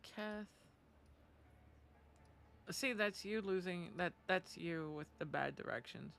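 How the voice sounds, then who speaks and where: A woman's voice: lowish voice, slow, creaky, a bit bright, a little hiss or hum. A woman chatting casually while streaming a game, telling stories and acting out the voices in her anecdotes. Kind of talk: casual gaming stream chat.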